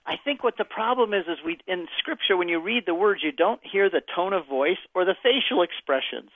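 A man's voice: high voice, lively intonation, brisk, no echo. An older man answering callers' faith questions on a call-in radio show, telling stories and acting out the voices. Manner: storytelling, acts out voices in his answers. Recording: dry, phone-like radio audio.

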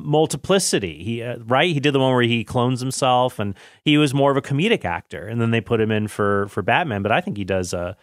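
A man in his thirties hosts a casual talk about films, rambling in a chatty way and correcting himself mid-sentence. His voice sits at an ordinary middle pitch. The recording is dry and close, with no room sound. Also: a bit bright, no room sound. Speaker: film commentary host. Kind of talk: casual film commentary.

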